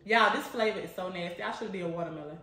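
A woman's voice: lowish voice, rapid-fire, pushed and bright, a little hiss or hum. A young woman chatting casually to camera, laughing often as she answers viewer questions. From Chicago. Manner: chatty, laughs often, says "you know what I'm saying". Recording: echoey room.

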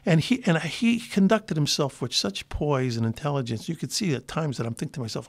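A man's voice: a little high, brisk, vocal fry, hardly any pauses. An older man, a guest in an interview, telling long rambling anecdotes full of restarts. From Chicago. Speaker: guest actor. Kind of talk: relaxed interview storytelling.

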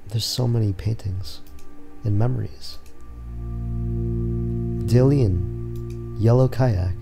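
A man giving soft-spoken, emotional let's-play commentary while reading titles aloud. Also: fairly low pitch, takes it slowly, vocal fry, music in the background. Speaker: gamer playing through a game.

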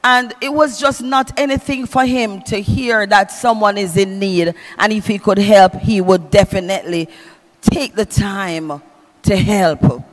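A woman's voice: mid-range voice, unhurried. A woman preaching a funeral eulogy in a church, reading scripture in a sing-song preaching cadence and calling out to the congregation. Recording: long church reverb with music.

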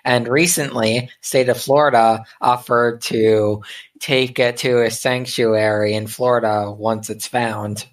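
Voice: medium pitch, steady tone, slow pace, far from the mic. A podcast co-host in casual chat, blunt and swearing freely. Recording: set back from the mic.

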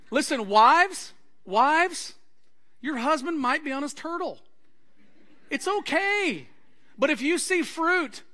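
A male pastor preaching a sermon to his congregation, acting out anecdotes and quoted conversations with lively energy. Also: very high voice. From Texas. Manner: animated preaching with acted-out anecdotes. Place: church sanctuary.

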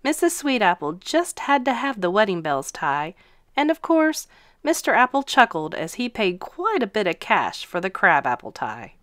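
A woman teacher reading a children's picture book aloud in an expressive, sing-song storytelling voice, close to the mic. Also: mid-range voice, normal speed, no echo.

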